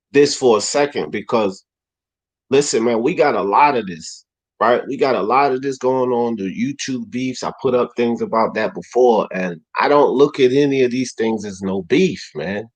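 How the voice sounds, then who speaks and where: A man hosting a boxing talk livestream, animated and heated, swearing freely and rising to shouts. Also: mid-range voice, normal speed, low-quality recording.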